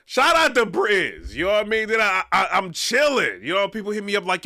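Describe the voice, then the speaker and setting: Guy vlogging casually, high bright voice, rambles with fillers, dry sound. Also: big pitch swings, fairly quick, creaky, hardly any pauses, dry recording. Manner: rambling, with frequent "you know what I'm saying" fillers. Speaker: vlog host. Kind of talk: casual commentary vlog.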